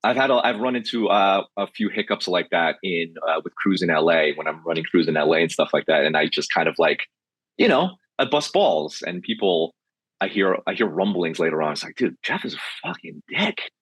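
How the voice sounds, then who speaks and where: Low husky man, guest TV director, casual war stories with voiced quotes, dry close sound. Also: brisk, dry recording. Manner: loose and animated, acts out quotes. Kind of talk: casual storytelling chat.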